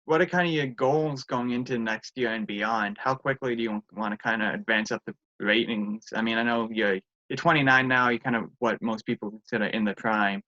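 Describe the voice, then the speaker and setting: A man's voice: mid-range voice, fairly quick, hardly any pauses, bright, forceful tone. A man interviewing a fighter, asking casual questions in an upbeat, easygoing way. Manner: upbeat, easygoing, laughs along. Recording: dull lo-fi sound.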